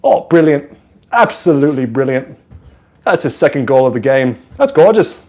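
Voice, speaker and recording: A man's voice: medium pitch, sing-song, normal speed, warm tone. A man voicing a prim English soccer commentator with understated, polished patter. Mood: mock-refined.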